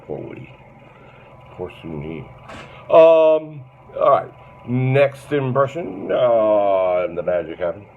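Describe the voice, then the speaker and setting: A man's voice: lowish voice, big pitch swings, takes it slowly. A man hosting a comedy show, delivering a crude, blustering monologue in a mock-bigoted persona. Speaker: host. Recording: tinny phone-like lo-fi sound with faint noise.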